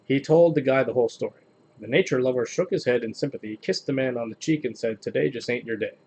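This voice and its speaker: A man hosting a casual video where he reads jokes aloud in a flat, deadpan delivery. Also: medium pitch, quick pace. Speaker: host reading jokes on video. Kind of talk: casual joke reading.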